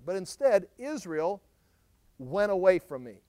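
High-voiced man teaching a sermon. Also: animated, normal speed, darkish tone, no room sound. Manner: reads scripture with rising emphasis, then explains in a lower, conversational tone. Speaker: pastor. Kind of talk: verse-by-verse Bible teaching.

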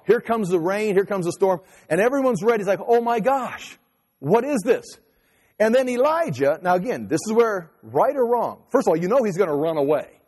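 A man preaching a sermon, telling a scripture story with animated acted-out quotes. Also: high voice, breathy edge. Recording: long hall reverb.

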